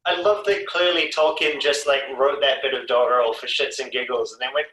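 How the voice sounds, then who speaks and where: A man's voice: medium pitch, steady tone, brisk, bright, forceful tone. A man chatting enthusiastically on a video call, swearing casually. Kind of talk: casual chat on a live call. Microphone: video call, away from the mic. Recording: distant, echoey room with faint noise.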